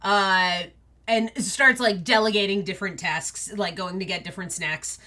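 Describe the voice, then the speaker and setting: A woman's voice: mid-range voice, steady tone, normal speed, sharp tone. A woman narrating a tabletop role-play game as game master, casual with many fillers.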